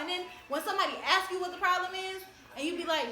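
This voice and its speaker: A woman's voice: very high-pitched, fast talker, bright, forceful tone. A woman hosting a casual discussion, talking emphatically in a lecturing way and laughing often. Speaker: host. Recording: echoey room.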